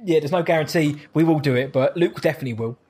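A man, co-hosting a casual podcast and reading out listener questions. His voice sits a little high. He talks in a quick, upbeat way and laughs easily. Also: darkish tone, breathy edge. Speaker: podcast co-host. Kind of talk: casual chat.

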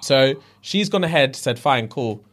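Male podcast co-host, lively storyteller, pitch swinging widely as he acts out every line. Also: unhurried. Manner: animated storyteller, acts out quotes, heavy slang. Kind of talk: casual chat, retelling a reality show.

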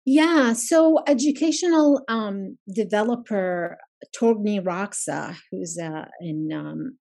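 A woman professor as a podcast guest, speaking thoughtfully and pausing often to find her words. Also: medium pitch, creaky, a little mellow. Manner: thoughtful, searching for words with pauses. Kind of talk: casual conversational interview.

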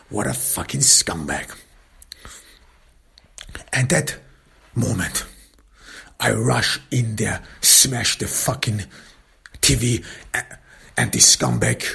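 A man narrating a dark first-person story, intense and angry, often dropping into whispers. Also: on the low side, vocal fry, breathy edge.

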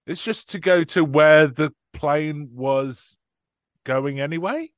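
A man's voice: a little high, slow pace, dry recording, studio quality. A man co-hosting a casual film podcast, chatty and swearing, acting out lines from the movie as he recaps it. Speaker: podcast co-host.

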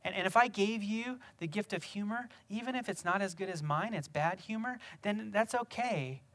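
A man preaching a sermon, building from quiet reflection to loud, emphatic exhortation with rhetorical questions. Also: high voice, moderate pace. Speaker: pastor.

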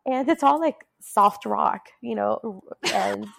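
There's slight background noise behind this woman's slow, mid-range voice with its vocal fry. A guest in casual conversation, she recounts a personal story in a chatty way, laughs a lot, and rises into animated quoting.

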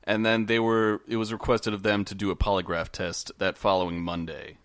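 Casting note: podcast host, low smooth male voice, rambling storyteller, dry mic. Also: little pitch movement, a little fast, fairly bright tone, no echo. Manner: rambling, many fillers and restarts. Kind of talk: casual storytelling chat.

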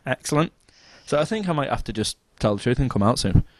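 Animated man telling a pub story. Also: fast, a little hiss or hum. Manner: animated, jumps into high-pitched quoted voices. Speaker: podcast co-host. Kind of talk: casual chat, storytelling.

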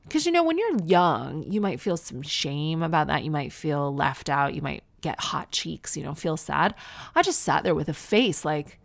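A woman's voice: low-pitched, animated, moderate pace, vocal fry. A Canadian woman in her thirties talking in a casual, wry, self-mocking monologue as a podcast host. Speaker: podcast host and new mother.

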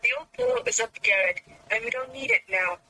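A woman reading aloud as Jo, a frank, teasing young woman with a brisk scolding manner. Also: a little high, huge pitch swings, bright, forceful tone, a little hiss or hum, full character voice, rough recording.

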